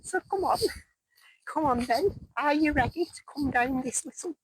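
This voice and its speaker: Walking outdoors on a countryside hike, this fifty-something woman vlogs casually to her handheld camera, posing questions to her viewers. She speaks at normal speed in a voice that sits high. The audio is poor, with a little hiss or hum.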